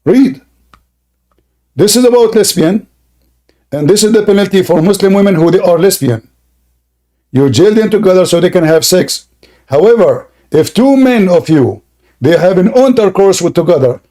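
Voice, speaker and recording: Combative high-voiced man, straining throat. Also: animated, moderate pace, long pauses, dark tone. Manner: combative, insulting, repeats questions. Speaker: debate host. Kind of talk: heated online debate.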